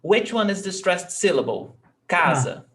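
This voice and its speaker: A man is teaching a lesson at an unhurried pace. His voice sits a little high, and he repeats words patiently while checking that the student is following. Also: very animated, a bit bright, a little hiss or hum. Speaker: Portuguese teacher. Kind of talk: online language lesson.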